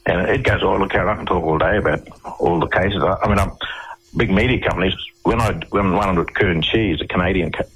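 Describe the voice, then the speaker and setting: Deep-voiced, husky Australian male guest, a rambling storyteller for radio talk. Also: a little fast, a bit bright, rough recording. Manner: long-winded storyteller, voices others in quotes. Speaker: interview guest. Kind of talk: radio interview, telling personal stories.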